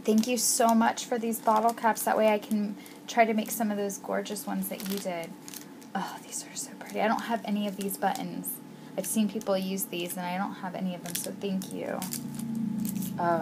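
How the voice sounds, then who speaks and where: A woman vlogger unboxing a crafting package, gushing with gasps and exclamations. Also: medium pitch. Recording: noisy home recording.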